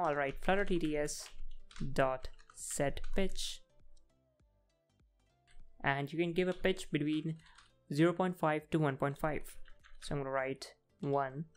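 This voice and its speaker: Typing as he goes, a programming tutorial host casually narrates each coding step with frequent fillers in this screen-recorded walkthrough. His voice is a little high and smooth.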